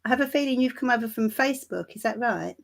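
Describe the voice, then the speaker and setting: A woman hosting a tarot live stream, chatting warmly and calling viewers darling and my love. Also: fairly high pitch, quick pace, vocal fry. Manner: laughs lightly between remarks. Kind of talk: casual livestream chat greeting viewers.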